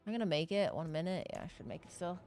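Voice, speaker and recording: A woman's voice: on the low side, rapid-fire, darkish tone, soft background music. A young woman streaming a game, chatting casually and jokingly to herself and her chat, swearing freely. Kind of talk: live gaming stream chatter.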